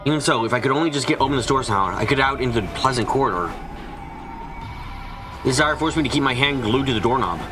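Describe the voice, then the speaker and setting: A man's voice: mid-range voice, lively intonation, fast talker. A man reading a visual novel aloud on a let's play stream, giving the narration and the heroine's lines in his own voice. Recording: music playing behind.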